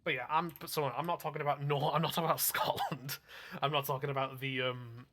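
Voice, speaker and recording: A man's voice: mid-range voice, steady tone, fast talker, bright, forceful tone. Rambling man. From Northwest England. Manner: rambling, meandering explanations full of fillers. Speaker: gaming streamer. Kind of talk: casual gameplay chat.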